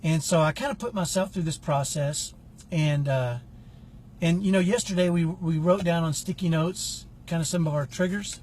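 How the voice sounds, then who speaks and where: A man's voice: a little high, normal speed, a little mellow, a little hiss or hum. A middle-aged man telling a personal story in a casual, earnest, reflective way as a parenting coach. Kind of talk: casual talk to camera.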